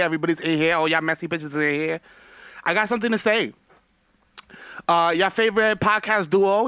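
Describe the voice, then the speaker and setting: A man's voice: on the high side, sharp tone, smooth, no echo. A man playing a brash, gossipy young woman, bragging on a livestream from home. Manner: boastful, messy, slangy.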